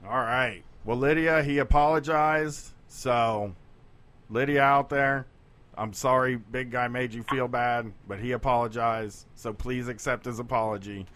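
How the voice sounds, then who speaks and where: A man's voice: mid-range voice, fairly even intonation, measured pace, a bit bright. A man hosting a call-in talk show, joking and laid-back. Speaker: show host. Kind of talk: casual radio talk.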